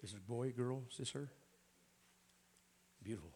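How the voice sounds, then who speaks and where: The medium-pitched, darkish voice of a middle-aged Pentecostal preacher moves at a normal pace through an informal church sermon. Hoarse and raspy, he often clears his throat and makes folksy, joking asides to the congregation.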